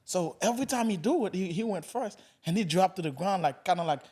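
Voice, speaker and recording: High-voiced man telling a gym story. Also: a little fast. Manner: animated storytelling, swears freely. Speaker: podcast host. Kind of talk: casual podcast chat.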